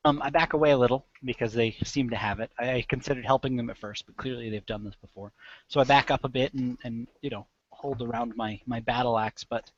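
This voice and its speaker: A hesitant man playing a tabletop game, speaking quietly with fillers. His voice is mid-pitched, and the recording is dry and a little dull. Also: a little fast, dry recording. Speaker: player.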